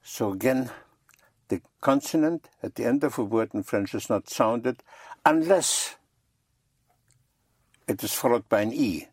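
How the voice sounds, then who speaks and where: Slow patient guy teaching a class, spells stuff out, husky voice, dry sound. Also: medium pitch, expressive, no room sound. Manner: slow, repeats and spells out words for learners. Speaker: French teacher.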